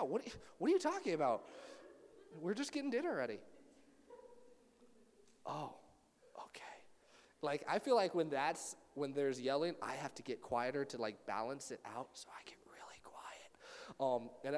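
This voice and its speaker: A young man preaching to a youth group, telling family stories in a lively way and acting out the voices of the people in them. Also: mid-range voice, big-room sound. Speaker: youth pastor.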